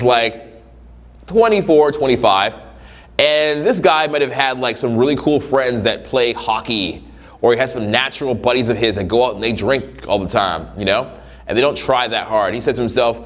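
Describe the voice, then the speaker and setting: A man's voice: mid-range voice, normal speed. A man talking as a dating coach in a casual, profane monologue, acting out little scenes in different voices. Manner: profane, animated, acts out scenarios in voices.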